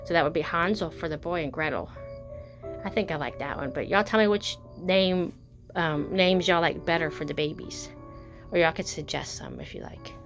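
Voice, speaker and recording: A woman's voice: deep voice, moderate pace, over music. A woman chatting casually in a show-and-tell vlog, gushing and rambling with fillers and self-corrections. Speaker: doll collector vlogger.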